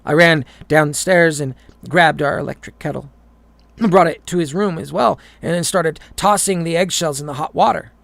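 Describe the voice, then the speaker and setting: Gravelly man narrating a horror story. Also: on the high side, normal speed, fairly bright tone, dry recording. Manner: stumbles and repeats words while reading. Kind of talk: reading a horror story aloud.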